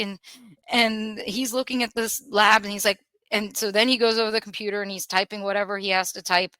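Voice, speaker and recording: A woman in her thirties with a bright, forceful voice tells a personal story on a podcast, candid and animated, slipping into the voices of the people in it. The sound is dry and close, with no room around it. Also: mid-range voice, fairly quick, clear, resonant tone, dry recording. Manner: candid, animated retelling with acted quotes. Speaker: podcast host.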